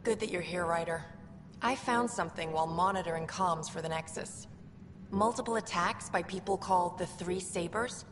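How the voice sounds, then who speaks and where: Actress doing an eager young comms girl, confiding, reverby game sound w/ steady hum behind. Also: lowish voice, moderate pace, close to an everyday voice. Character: earnest young female station comms officer.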